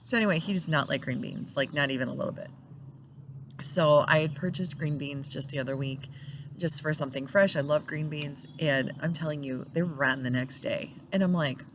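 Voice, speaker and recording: A middle-aged woman with a low, gentle voice speaks casually and tenderly to her viewers about life after loss. She sounds reflective and sometimes laughs softly as she remembers. There is faint room ambience behind her. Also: a little fast, a little hiss or hum. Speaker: widow sharing her grief journey. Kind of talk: casual personal talk to camera.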